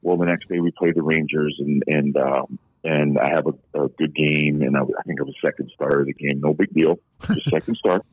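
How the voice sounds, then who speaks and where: Low-voiced man over a thin phone line. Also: steady tone, moderate pace, dry recording. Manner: long-winded, candid storyteller. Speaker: podcast guest, former pro hockey player. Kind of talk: casual anecdotal storytelling.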